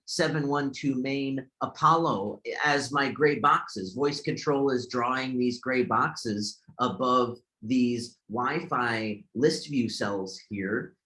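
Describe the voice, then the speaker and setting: A man's voice: medium pitch, fairly bright tone. A man giving a screen-share tutorial as an accessibility instructor, explaining step by step with many fillers and tag questions.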